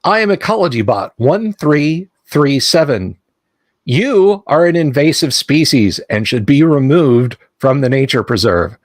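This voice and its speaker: A man voicing a mechanical nature-preserve robot guard that makes flat, formal announcements in a tabletop game. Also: medium pitch, a little slow, dry recording, studio quality. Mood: officious.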